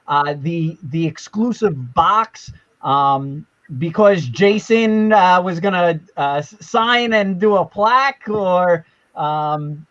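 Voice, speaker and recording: A man hosting a casual live-stream chat, rambling and excitable with many restarts. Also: high-pitched. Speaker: host. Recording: lo-fi, dull sound.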